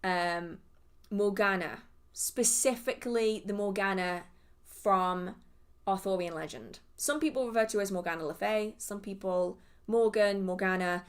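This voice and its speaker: A young English woman with a southern English accent hosts a relaxed livestream Q&A, reading out viewer questions and answering them off the cuff. She talks in a loose, chatty way, drifting into tangents and circling back with little fillers. Her voice sits at an ordinary middle pitch for a woman. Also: measured pace, clear, resonant tone. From England. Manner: chatty, rambling, goes off on tangents. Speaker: witchcraft Q&A livestream host.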